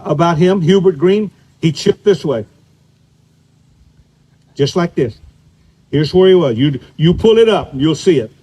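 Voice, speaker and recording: Older male golf instructor, folksy storyteller, husky and slightly high voice, outdoor clinic. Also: warm tone, rough recording. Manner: folksy, storytelling, demonstrating as he talks. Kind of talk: live golf clinic demonstration. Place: outdoor golf practice area.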